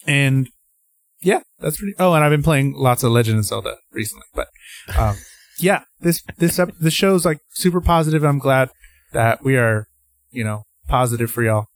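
A man co-hosting a podcast in casual chat, rambling and excitable, sometimes jumping way up in pitch. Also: moderate pace, no echo. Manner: rambling, excitable, jumps to high pitch when acting out his own thoughts. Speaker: podcast co-host.

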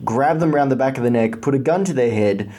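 A man's voice: mid-range voice, brisk, mellow, husky. A man chatting casually on a podcast, teasing and stammering through restarts.

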